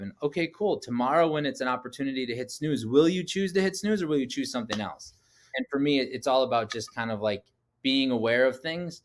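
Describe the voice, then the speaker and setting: This man is a podcast guest in his thirties, chatting through personal stories in a casual interview. His voice sits at an everyday middle pitch. He talks in an animated way, scatters "like" throughout, and slips into acted-out dialogue. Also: a little fast. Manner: animated, acts out quoted dialogue, frequent "like" fillers.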